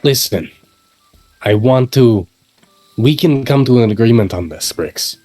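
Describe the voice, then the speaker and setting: A man voicing a stern, suspicious male adventurer in a tabletop role-playing game, speaking in a measured, insistent way. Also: medium pitch, animated, mellow, faint music behind. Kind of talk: in-character tabletop role-play.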